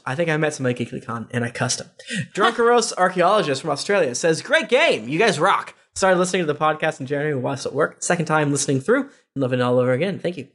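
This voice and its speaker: Guy on a podcast reading out listener reviews, bit higher voice, jokey asides. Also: fairly bright tone. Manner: reads reviews aloud with quick asides and laughs. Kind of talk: casual podcast chat.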